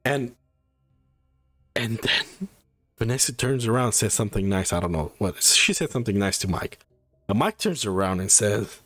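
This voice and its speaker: Profane, animated man ranting a movie review. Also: mid-range voice, unhurried. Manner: profane, incredulous, rambling. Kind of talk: casual spoiler review rant.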